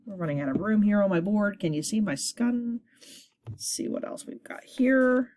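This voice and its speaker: A woman teacher leading a children's reading lesson, encouraging her class and sounding words out slowly at a board. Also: mid-range voice, lively intonation, darkish tone.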